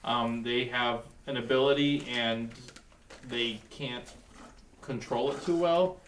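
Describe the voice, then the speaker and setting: A man runs a tabletop role-playing session as game master. He talks in a halting way, full of ums and restarts. He is picked up from a distance in a room with echo. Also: medium pitch, slight background noise.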